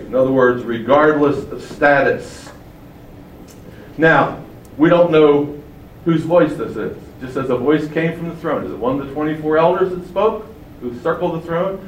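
A man preaching a sermon, emphatic and fond of rhetorical questions, his loudness swinging widely from phrase to phrase. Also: fairly high pitch, moderate pace, a little hiss or hum. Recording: echoey room from far off, faint ambience.

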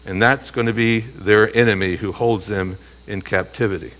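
A man's voice: lowish voice, fairly even intonation, moderate pace, a bit bright. A man teaching a Bible study, reading scripture aloud and answering his own rhetorical questions with emphasis. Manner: reads scripture aloud and comments between phrases.

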